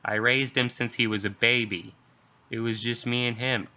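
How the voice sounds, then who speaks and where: A man voicing a terrified mother hiding and calling the police, in a hushed, panicked creepypasta reading. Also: mid-range voice, fairly even intonation, moderate pace. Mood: distraught. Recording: dull lo-fi recording.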